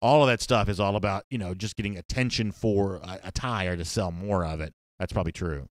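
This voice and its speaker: A man's voice: deep voice, brisk, dry recording, studio quality. A man hosting a live sports talk show, chatting casually and reading viewer comments, rambling with restarts and fillers.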